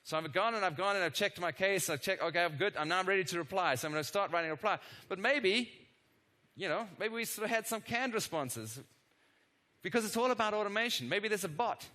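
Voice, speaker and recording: A middle-aged man giving a live product demo keynote on a conference stage, energetic and constantly checking in with the audience through quick tag questions and self-deprecating asides. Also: high-pitched. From not from the United States. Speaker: conference presenter.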